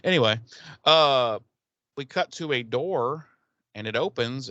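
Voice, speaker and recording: A man's voice: medium pitch, lively intonation, a little slow, pushed and bright, no echo. A man co-hosting a podcast, recapping a TV episode in casual chat, rambling and swearing with laughs. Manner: rambling, profane, laughing storyteller. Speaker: podcast co-host.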